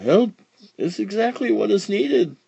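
A man's voice: high voice, expressive, unhurried, creaky, dark tone, breathy edge, highs cut off, pitched above the performer's own voice, exaggerated voice. A man reading aloud and voicing a plucky, generous little girl in a storybook. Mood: earnest.

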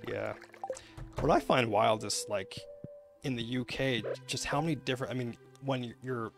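A man with a Canadian accent talks through a live game stream at an easy, middle pitch. His voice is gravelly, full of fillers and restarts as he chats with his viewers. Game music plays clearly behind him. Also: moderate pace. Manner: rambling, chatty, many fillers and restarts. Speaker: gaming livestreamer. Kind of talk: live gameplay commentary, chatting with viewers.

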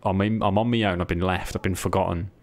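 A man talking low and gravelly while he streams a role-play game. He rambles and jokes, swearing freely and breaking off to thank his viewers. His talk is loose and offhand. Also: fairly even intonation, fast talker. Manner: joking, sweary, rambling asides to chat. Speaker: streamer playing a police recruit. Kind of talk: casual streaming commentary.

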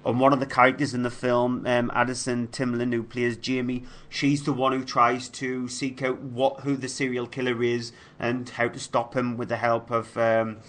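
A man co-hosting a film review show, presenting reviews in a casual, measured way with fillers. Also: mid-range voice, completely flat delivery, fairly bright tone.

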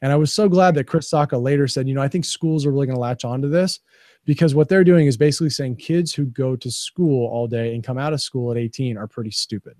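A man hosting a podcast, giving opinionated, animated commentary in casual chat. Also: medium pitch, fast, dry recording, clean studio sound. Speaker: podcast host.

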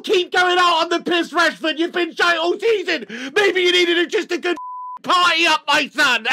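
Male fan, high and bright, slow mocking reactions over faint noise. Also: vocal fry. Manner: laughing, mocking banter. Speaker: football fan. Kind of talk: live match reaction.

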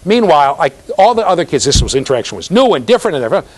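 Racing along in a fairly high-pitched voice, a male university lecturer teaches his class in a chatty, conversational way. He is an animated storyteller who checks in with students and acts out the voices of the people he quotes.

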